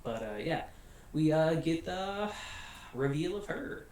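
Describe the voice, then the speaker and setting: A chatty American man talks through an anime review in a relaxed, rambling way, laughing often. His voice sits in a very reverberant room, a little off the microphone, with faint hiss behind it. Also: fairly high pitch, takes it slowly, recorded from a distance. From United States. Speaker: anime reviewer, channel host. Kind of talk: casual spoken review.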